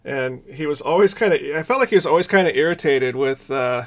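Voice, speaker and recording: A chatty man co-hosting a casual talk about old movies, his voice sitting a bit high. He talks enthusiastically, sprinkling in fillers as he recalls scenes. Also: animated, brisk. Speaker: podcast co-host. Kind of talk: casual film review chat.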